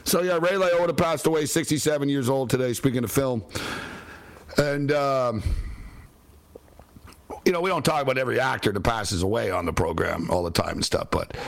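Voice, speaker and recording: A man's voice: mid-range voice, normal speed, creaky, pauses often. A man hosting a sports radio show, chatting casually in a rambling way and laughing easily. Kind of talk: casual chat.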